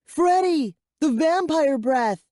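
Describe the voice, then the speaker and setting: A man playing a shrill, scared young girl. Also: expressive, normal speed, dark tone, no room sound, studio quality. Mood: urgent. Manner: urgent, high-pitched cries. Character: frightened demanding young girl, bold and urgent. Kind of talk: audiobook character voice.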